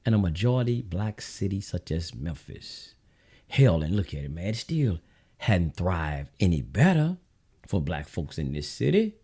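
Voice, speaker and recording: Man, Southern US accent, low voice, mellow tone, blunt preachy monologue, talks straight to viewers. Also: very animated, unhurried, breathy edge. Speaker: show host. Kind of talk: political commentary monologue.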